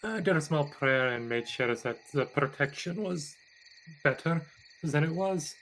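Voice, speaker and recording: A man voicing a gentle, devout nature worshipper in a tabletop game, talking thoughtfully and stopping often to search for words. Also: fairly high pitch, animated, measured pace, slight background noise, rough recording. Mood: musing. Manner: thoughtful, hesitant with many uhs. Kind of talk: in-character tabletop role-play.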